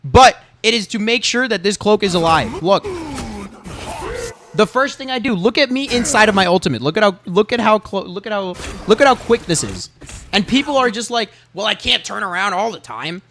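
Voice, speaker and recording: A man's voice: high voice, expressive, moderate pace, a bit bright, slight background noise. A man reviewing his own gameplay as a lesson, emphatic and repetitive, swearing and saying "bro" often. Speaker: gamer coaching through his own gameplay.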